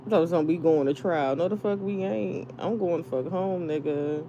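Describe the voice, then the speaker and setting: A woman's voice: on the low side, normal speed, dull audio, noisy background. A woman venting casually to her viewers, rambling, swearing and laughing as she tells stories. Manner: profane, laughing, rambling storytelling. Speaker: live streamer.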